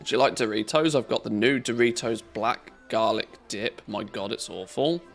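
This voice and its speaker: A man's voice: medium pitch, moderate pace, vocal fry, fairly bright tone, soft background music. Joking man streaming a game. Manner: joking, swearing, loose chatter while playing. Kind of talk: casual live-stream commentary.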